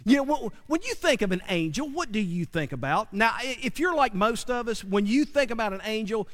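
A man's voice: high voice, big pitch swings, brisk, fairly bright tone, big-room sound. A man preaching a sermon in a folksy, conversational way, often asking his listeners questions.

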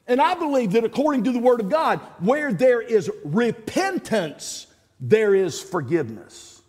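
A man's voice: very high-pitched, big pitch swings, unhurried, darkish tone. A middle-aged man preaching a sermon, emphatic, repeating words and speaking straight to the congregation. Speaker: pastor. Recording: long hall reverb.

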